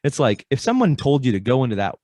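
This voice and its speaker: A man's voice: medium pitch, sing-song, fast, darkish tone, no room sound. A man speaking as a podcast guest, explaining ideas in a conversational way and acting out little dialogues with changing voices.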